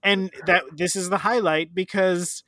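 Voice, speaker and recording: A man with a notably high, crisp, bright voice talks casually about a film. He sounds wry and incredulous. The sound is dry and close, with no room around him. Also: steady tone, measured pace, dry recording. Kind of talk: casual movie chat.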